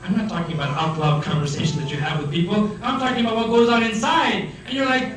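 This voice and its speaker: A man giving a religious lecture to students, animated, acting out the voices of the people he describes. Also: sits high, quick pace. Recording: echoey hall, mic far off, faint noise.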